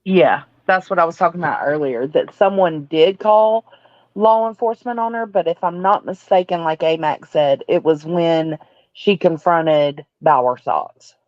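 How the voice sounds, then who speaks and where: A woman's voice: on the low side, moderate pace, no room sound, muffled recording. A woman co-hosting a casual stream, blunt, laughing and swearing freely over a video call. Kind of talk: casual chat.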